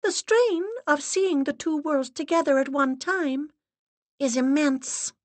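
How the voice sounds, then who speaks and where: A woman voicing a solemn, stern medium's assistant who intones rules in a formal, steady monotone. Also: high voice, slow pace, no echo, voice pushed up. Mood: solemn intoning.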